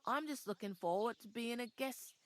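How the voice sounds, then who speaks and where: A woman's voice: fairly high pitch, moderate pace, close to an everyday voice. A woman voicing a brusque, practical village tavern keeper in a game, with a Yorkshire accent and a blunt, gossipy, folksy manner. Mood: matter-of-fact.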